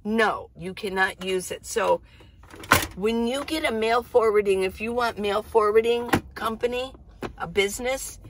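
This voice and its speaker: A woman's voice: a little high, a little slow, background noise. A middle-aged woman hosting a casual, rambling coffee-chat vlog from her minivan. She laughs often as she talks. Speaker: vlogger. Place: inside a minivan.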